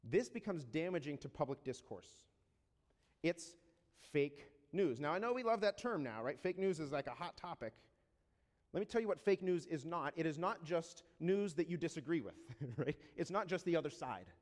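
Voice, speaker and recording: A man preaching a sermon in a conversational way, often checking in with rhetorical questions and slowing down to read scripture deliberately. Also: fairly high pitch, lively intonation. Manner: reads scripture slowly and deliberately. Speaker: pastor. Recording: long reverb of a large hall.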